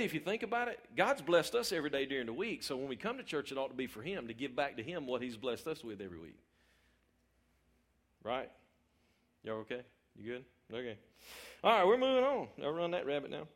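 A man's voice: on the high side, big pitch swings, fairly quick, pauses often. A middle-aged man, preaching an informal, conversational sermon in church and checking in with his listeners. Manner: conversational, repeats words, asks the audience questions.

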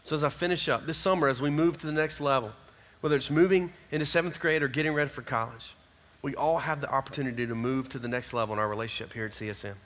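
A man, a youth pastor giving a folksy, energetic closing talk to his youth group. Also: medium pitch, fast, hardly any pauses.

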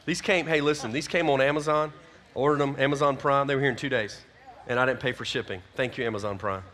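A man, a youth pastor giving a folksy, energetic closing talk to his youth group. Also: medium pitch, fast talker.

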